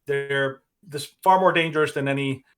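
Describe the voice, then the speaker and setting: A man's voice: mid-range voice, normal speed. A man co-hosting a casual podcast, rambling with restarts and frequent laughs. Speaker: podcast co-host.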